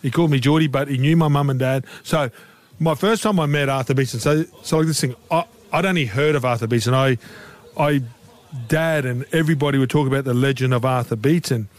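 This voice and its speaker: A man, a rugby league pundit, telling stories in casual radio chat and lifting his voice when excited. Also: a little fast, no room sound. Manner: animated storyteller, lifts pitch when excited.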